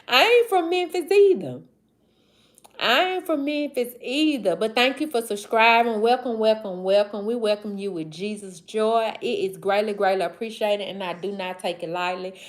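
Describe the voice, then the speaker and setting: A woman in her forties from the American South with a Mississippi Southern accent, hosting a casual livestream and greeting viewers by name. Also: mid-range voice. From Southern United States. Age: 40s. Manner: drawling, slow, affectionate, shout-outs to viewers. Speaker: livestream host. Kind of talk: casual livestream chat reading comments.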